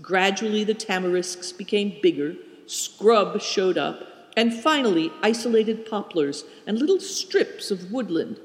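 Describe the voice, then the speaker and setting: A man narrating a storybook in a measured way. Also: high-pitched, animated. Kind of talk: audiobook narration. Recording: roomy with a long reverb.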